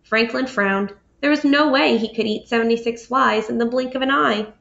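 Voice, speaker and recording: A woman reading a children's picture book aloud with expressive delivery, pausing to ask her young listeners questions. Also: vocal fry. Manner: expressive, asks listeners questions, raises pitch for characters' lines. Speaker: storybook reader. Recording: dull lo-fi audio.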